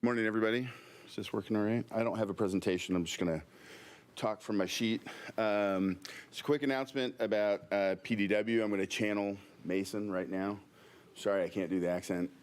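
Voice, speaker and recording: A man's voice: lowish voice, steady tone, fairly quick, smooth. A middle-aged man giving folksy, filler-heavy announcements at a work meeting, with corny jokes. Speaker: agency staff presenter.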